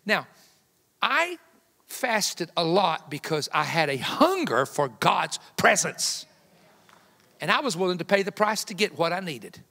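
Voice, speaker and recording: Fifties guy preaching, high-ish voice, folksy jokes, long church reverb. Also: sing-song, measured pace, gravelly. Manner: folksy, joking, builds to loud emphatic peaks. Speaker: guest evangelist. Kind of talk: sermon with humorous personal stories. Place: church sanctuary.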